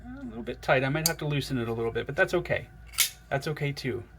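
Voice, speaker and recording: Guy unboxing stuff for his vlog, super excited, keeps gushing to the viewers, bit of noise in the background. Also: medium pitch, fast talker. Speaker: knife collector vlogger.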